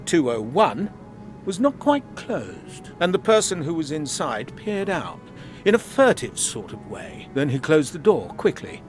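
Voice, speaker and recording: An actor playing a stiff British army captain who answers in a clipped, defensive manner. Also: male voice, fairly high pitch, very animated, a little slow, faint music behind.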